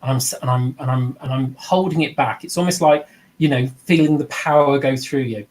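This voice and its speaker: A man's voice: mid-range voice, fairly quick, darkish tone. A man teaching trance mediumship over a video call, conversational and repetitive, acting out quoted voices as he tells stories. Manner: conversational, repeats himself, acts out quoted voices. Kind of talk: teaching with personal anecdotes.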